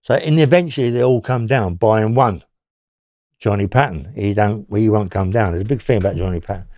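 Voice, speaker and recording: A man's voice: on the low side, a little fast, darkish tone, dry recording, studio quality. An older man with a London accent, bluntly recounting old prison stories in a rambling, profane way. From England. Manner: rambling, blunt, swears freely. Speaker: interview guest.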